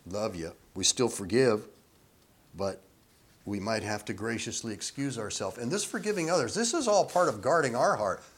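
A man preaching a sermon in a relaxed, conversational way, chuckling often and acting out quoted voices. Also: medium pitch, normal speed, breathy edge. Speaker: pastor.

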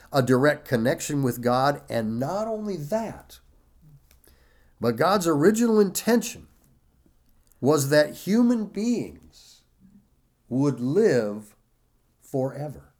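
A male preacher teaching from the pulpit in an unhurried, deliberate way. He stretches out his words and comes back to key phrases for emphasis. His voice sits at an ordinary middle pitch. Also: darkish tone. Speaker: pastor. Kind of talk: sermon.

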